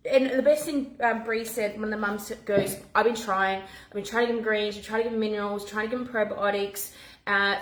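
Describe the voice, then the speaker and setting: A woman, chatting casually to camera as a mum vlogger, animated and talking in quick bursts with restarts. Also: a little high. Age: 40s. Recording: echoey room.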